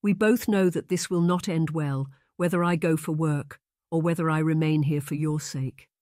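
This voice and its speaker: A man's voice: fairly high pitch, fairly even intonation, normal speed, darkish tone, dry recording, clean studio sound, natural voice. A man voicing a proper young woman, a governess, speaking formally and with restraint. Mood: pleading.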